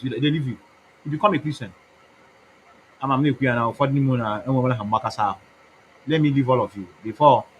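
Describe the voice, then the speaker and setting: A man's voice: medium pitch, a bit bright, a little hiss or hum, poor audio. A man with an Igbo Nigerian accent giving a rambling campaign talk, mixing English with Igbo in a preachy, mocking way. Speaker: activist campaigner.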